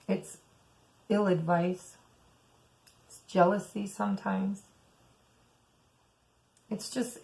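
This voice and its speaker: A woman's voice: mid-range voice, vocal fry, a little mellow, poor audio. A woman giving a weekly tarot reading, musing aloud and speaking to her viewers as "some of you.". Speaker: tarot reader.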